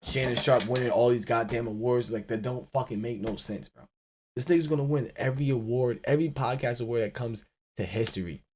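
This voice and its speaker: A man hosting a solo podcast, ranting in an animated, profane way and laughing often. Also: mid-range voice, fairly quick, slight background noise. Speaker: podcast host.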